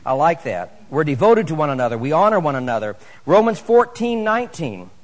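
A middle-aged man preaching a sermon to his church, animated and rising to emphatic exhortation. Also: fairly high pitch, a little fast. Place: church sanctuary. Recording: echoey church hall.

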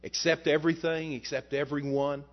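A male pastor preaching a sermon, asking the congregation rhetorical questions and swinging between loud and soft. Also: flat delivery, normal speed, lo-fi sound. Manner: rises and falls in pitch and loudness, rhetorical questions.

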